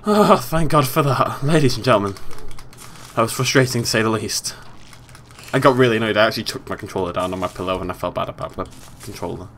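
A British man commentating his gameplay, swinging from exasperated yelling to low muttering. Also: expressive, fast talker, a little hiss or hum. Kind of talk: let's play commentary.

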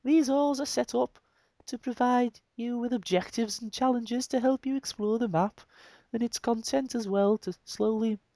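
A man reading game signs aloud in a put-on, hybrid Brummie and Liverpool accent, slow and theatrical. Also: very high voice, dark tone, dry recording, voice pushed up.

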